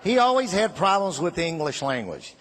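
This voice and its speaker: A man's voice: on the high side, sing-song, a little fast, very noisy. An older man doing a stand-up comedy routine, firing off punchy one-liners and chuckling at his own jokes. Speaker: comedian and show host.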